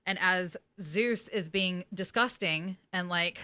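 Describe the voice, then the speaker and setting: A woman podcast host recapping a TV episode in casual chat, animated, laughing often and slipping into impressions. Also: fairly low pitch, slow pace, hardly any pauses, clear, resonant tone.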